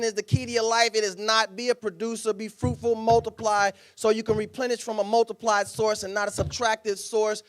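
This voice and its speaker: High, bright-voiced man telling a story. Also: a little fast, few pauses. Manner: animated, dramatic storytelling with sound effects. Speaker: guest speaker.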